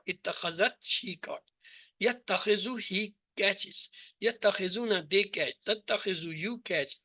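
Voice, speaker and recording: A man with a high, bright voice leads a recorded Quranic Arabic lesson. He goes through verb conjugations in a steady drill and gives a short English gloss after each form. The recording is dry and close. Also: dry recording. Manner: plain, slightly broken English with small hesitations.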